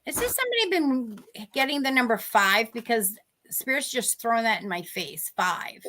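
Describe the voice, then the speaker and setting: This psychic medium has a Boston accent and a fairly high, sing-song voice with a sharp tone, speaking at normal speed. On a video call microphone she hosts live-streamed chat and readings, chatty and rambling, forever interrupting herself mid-thought.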